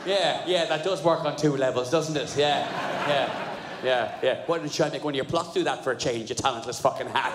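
A man doing a stand-up comedy set, sweary and animated, laughing at his own jokes. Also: mid-range voice, fast talker. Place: live comedy venue. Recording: live venue, roomy hall echo, crowd noise.

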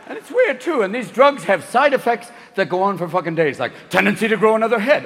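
A man in his fifties performs a profane stand-up routine, his voice very high and leaping wildly up and down. He swerves manically between riffs, and faint audience noise sits behind him. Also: very animated, fast, few pauses, fairly bright tone, long reverb tail, a faint crowd. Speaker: stand-up comedian. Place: stage before a live audience.

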